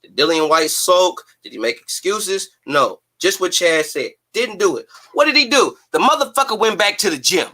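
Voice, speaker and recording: Male stream host, bright edge, fired up, swearing, hammering rhetorical questions. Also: sits high, very animated. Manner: emphatic, profane, rapid-fire rhetorical ranting. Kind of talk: heated boxing talk on a live stream.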